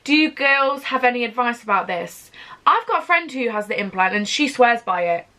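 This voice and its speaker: A young woman from England co-hosting a casual chat with a friend, giggly and animated, often talking fast over her friend. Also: a little high. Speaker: co-host.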